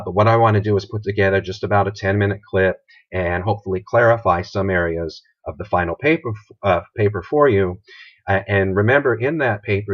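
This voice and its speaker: Low-voiced male instructor, lo-fi recording. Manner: measured, asks rhetorical questions, frequent "uh" fillers. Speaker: college instructor. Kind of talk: recorded online lecture. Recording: dull lo-fi sound.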